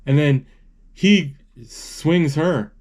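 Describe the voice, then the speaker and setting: A man casually retelling a film as he watches it, halting and searching for words, with excited exclamations. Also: on the high side. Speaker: movie narrator.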